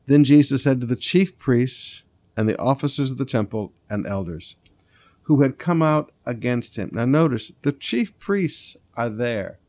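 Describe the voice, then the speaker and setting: Expressive pastor preaching. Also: male voice, mid-range voice, unhurried. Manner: conversational, shifting from lively asides to soft, earnest appeals. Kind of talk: sermon with scripture reading.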